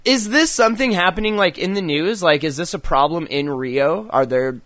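A man with a bright, forceful voice and slightly high pitch, co-hosting a crude comedy chat. He talks profanely and provocatively and laughs often. The sound is dry and close. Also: normal speed, dry recording. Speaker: podcast co-host.

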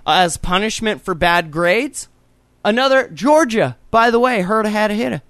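A man's voice: high-pitched, animated, normal speed, a bit bright, no room sound. Profane joking man, dry sound. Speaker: podcast co-host. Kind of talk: casual podcast chat.

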